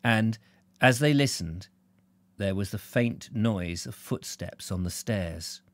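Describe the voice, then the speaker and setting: A man narrating a novel aloud in a live reading, expressive, correcting his slips as he goes. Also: fairly low pitch, slow pace, no echo.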